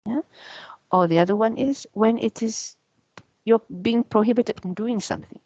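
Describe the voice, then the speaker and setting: A woman teacher gives a casual, chatty grammar lecture, peppering her talk with "yeah" and "you know." Her voice has a gravelly edge. The recording is dry and muffled. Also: on the high side, normal speed, mellow, no echo. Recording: dull, muffled sound.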